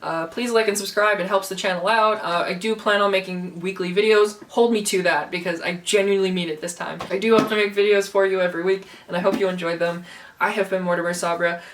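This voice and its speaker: A woman's voice: medium pitch, fairly even intonation, fast, a little hiss or hum. Sarcastic young woman ranting, mic at a distance. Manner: sarcastic, laughing, swearing, exaggerated mocking voices. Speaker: book review vlogger. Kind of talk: casual vlog rant.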